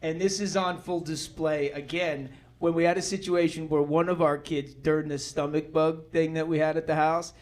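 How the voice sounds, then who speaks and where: High-voiced laid-back stand-up man. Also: level tone, moderate pace, a little mellow. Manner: laid-back, rambling, acts out quotes. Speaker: stand-up comedian. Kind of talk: stand-up storytelling. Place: comedy club stage.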